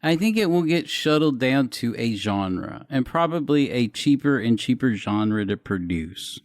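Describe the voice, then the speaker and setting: A man's voice: mid-range voice, expressive, unhurried, no room sound, studio quality. A man co-hosting a podcast in casual chat, rambling and hesitant with many restarts. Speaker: podcast co-host.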